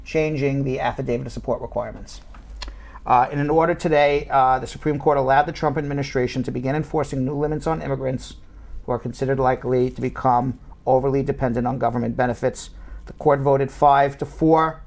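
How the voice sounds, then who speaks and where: A man in a casual live show, an immigration lawyer and host, swinging from loud joking to sober explanation. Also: medium pitch, steady tone, a little fast, creaky.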